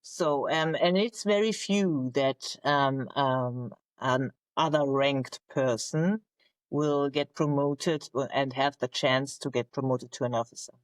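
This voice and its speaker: A woman, a naval officer telling her story in English as a guest, halting as she searches for words. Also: extremely low pitch, dry recording, low-quality recording. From Germany. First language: German. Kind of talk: conversational interview storytelling.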